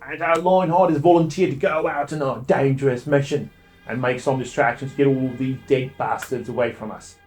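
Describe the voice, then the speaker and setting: A man's voice: medium pitch, steady tone, normal speed, faint music behind, lightly acted. A man voicing a brash male survivor-camp leader who barks orders and swears. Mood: gruff. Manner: loud, commanding, swearing.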